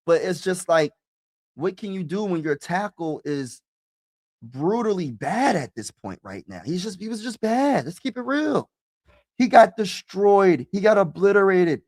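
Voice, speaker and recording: A young man streaming a casual, slangy sports chat, talking to his viewers and now and then shouting and laughing. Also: high-pitched, unhurried, no room sound, clean studio sound. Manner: animated, slangy, says bro a lot, shouts and laughs.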